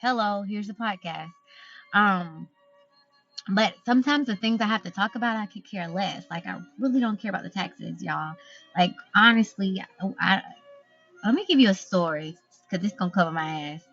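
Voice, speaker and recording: A woman's voice: medium pitch, moderate pace, fairly bright tone, muffled recording, soft background music. A woman hosting her own podcast, chatting casually and gushing as she talks straight to her listeners. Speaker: podcast host. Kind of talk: casual solo podcast chat.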